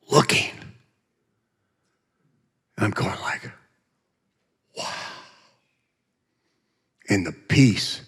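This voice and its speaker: Lower-voiced man telling a folksy church testimony. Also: creaky, slightly rough. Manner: folksy, humorous storytelling with vivid asides. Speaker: guest speaker giving a testimony. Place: church sanctuary. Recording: long reverb of a church hall.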